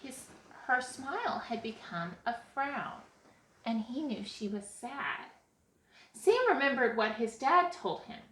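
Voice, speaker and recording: A woman reading a children's picture book aloud in an expressive way as storyteller. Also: fairly high pitch. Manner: expressive, slow read-aloud. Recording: echoey room.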